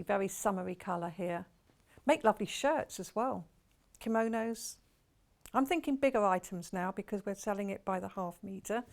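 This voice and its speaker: On a live TV sales segment, a woman from the UK presents for a shopping channel in a gravelly, mid-range voice. Her tone is eager and talkative as she raves about each fabric.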